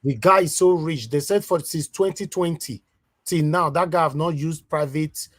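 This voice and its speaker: A man's voice: fairly high pitch, normal speed, a bit bright, no room sound. A man hosting an online talk show, casual and prone to repeating words. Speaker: host.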